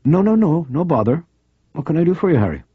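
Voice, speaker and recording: A man's voice: on the high side, sing-song, quick pace, husky, no room sound, voice pushed up. A man voicing a breezy woman reporter, faint Jamaican lilt. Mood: breezy friendly. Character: sharp veteran woman crime reporter, friendly. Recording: dry, slightly dull audiobook recording.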